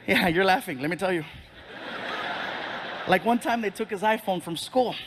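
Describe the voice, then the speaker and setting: A man doing a stand-up set, telling animated, exasperated stories about fatherhood to a live audience. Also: high voice, moderate pace, background noise. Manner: animated storytelling, exasperated dad. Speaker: stand-up comedian. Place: live stage before an audience.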